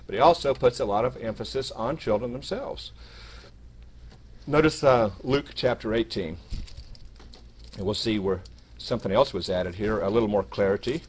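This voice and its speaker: A man's voice: lowish voice, moderate pace, long pauses, breathy edge. A man giving a short sermon to his congregation, reading scripture aloud with rising emphasis and small restarts. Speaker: minister.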